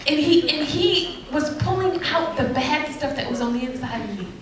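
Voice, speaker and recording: A woman giving a candid, sassy talk about relationships to an audience, animated and often laughing. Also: high-pitched, moderate pace, background noise. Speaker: speaker addressing an audience. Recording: very echoey, mic far off.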